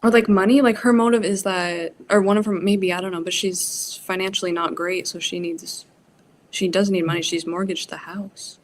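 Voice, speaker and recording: A young woman with a low-pitched voice hosts a relaxed book club conversation. She works through a mystery novel's plot out loud, asking question after question. A faint hiss sits under her voice. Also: moderate pace. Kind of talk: casual book discussion.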